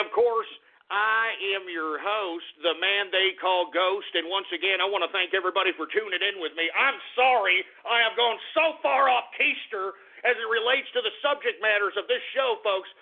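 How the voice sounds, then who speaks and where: Brief: male talk radio host, profane angry rant, higher voice, lo-fi phone-line sound. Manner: ranting, profane, shouting outbursts. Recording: tinny phone-like radio audio.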